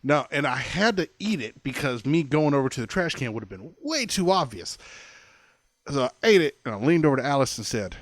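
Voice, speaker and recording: A man's voice: medium pitch, sing-song, fairly quick, no echo. A man co-hosting a podcast, telling a funny story in casual chat and laughing often. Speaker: podcast co-host.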